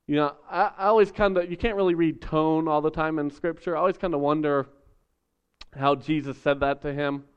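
A man preaching a casual, story-driven sermon with a smooth, resonant voice that sits a bit high for a man. The recording is dull and lo-fi. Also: brisk. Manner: conversational, animated storytelling with acted voices. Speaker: pastor.

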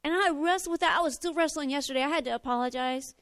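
Tearful high-voiced woman preaching. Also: fast. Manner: expressive and confessional, swinging from loud to hushed, tearful at times. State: close to tears. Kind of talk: emotional sermon.

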